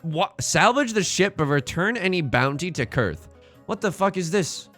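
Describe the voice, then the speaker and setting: A young man streaming a game live, excitable and joking as he reads the game text aloud to his chat. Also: high voice, normal speed, soft background music.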